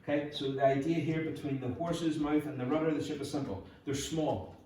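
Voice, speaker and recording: A man's voice: fairly high pitch, a little fast, dark tone, slight background noise. A man with a Northern Irish accent preaching a humorous, conversational sermon as pastor. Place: church hall. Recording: echoey hall from far off.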